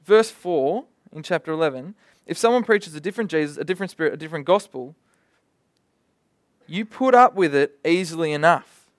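Lively man preaching a sermon. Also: a little high, brisk, dry recording. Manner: lively, conversational preaching with vivid asides.

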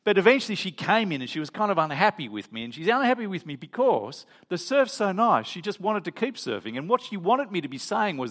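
A man's voice: high-pitched, big pitch swings, fast, hardly any pauses, fairly bright tone. A middle-aged man, preaching a sermon in a conversational, storytelling way with frequent restarts. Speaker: pastor.

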